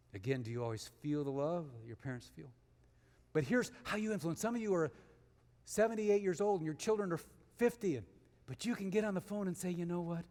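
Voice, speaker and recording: Man, sermon, high voice, long church-hall reverb, emphatic then hushed. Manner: swings from emphatic rises to hushed storytelling. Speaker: guest speaker. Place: church sanctuary.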